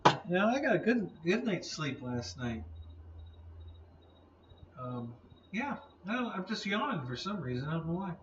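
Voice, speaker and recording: A man's voice: high-pitched, big pitch swings, measured pace, pauses often, fairly bright tone, roomy sound, far from the mic, muffled recording, slight background noise. A man hosting a casual live stream, chatting in a rambling way, laughing often and yawning.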